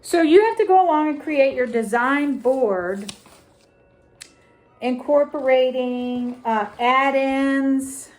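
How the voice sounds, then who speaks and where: A middle-aged woman with a high voice walks through a craft tutorial at an unhurried pace. She talks casually and deliberately, repeating phrases as she holds up ribbons and ornaments. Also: faint music behind. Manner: slow, deliberate, repeats phrases while showing items. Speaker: crafting vlogger.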